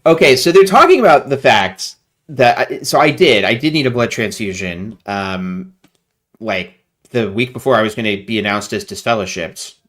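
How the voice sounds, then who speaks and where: A man talking as a guest in a casual interview over a video call, animated and rambling with lots of fillers. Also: mid-range voice, normal speed.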